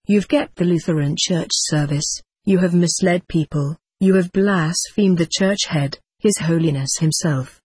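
A reader doing a stern accusing judge. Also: male voice, on the high side, a little slow, few pauses, darkish tone, husky, dry recording.

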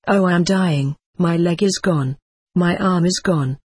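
A reader voicing a gravely injured man who is crying and pleading in terror, with a husky tone. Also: medium pitch, slow pace, no room sound. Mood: frightened. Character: gravely injured young man, hysterical and terrified.

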